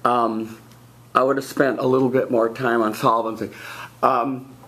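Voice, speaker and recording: A man coaching debaters in a classroom, giving blunt feedback with lively emphasis. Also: mid-range voice, measured pace. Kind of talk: spoken critique in class.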